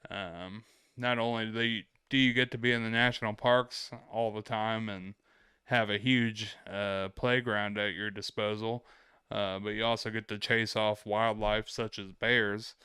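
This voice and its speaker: A man with a low, crisp, very clean voice tells travel stories in a laid-back, rambling way. He swears freely and talks like a casual vlog host. The sound is dry and close. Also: flat delivery, measured pace, bright, forceful tone, dry recording.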